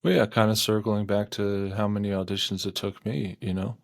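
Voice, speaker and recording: A laid-back man chats on a podcast with a gravelly, creaky edge to his fairly low voice. He hedges often and fills his talk with casual fillers. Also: brisk. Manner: relaxed, hedging, lots of "like". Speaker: podcast co-host, audiobook narrator.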